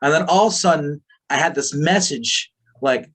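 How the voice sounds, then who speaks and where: A man's voice: fairly high pitch, normal speed, a bit bright. A man telling a story as an interview guest, rambling, full of fillers and swearing freely. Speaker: podcast guest.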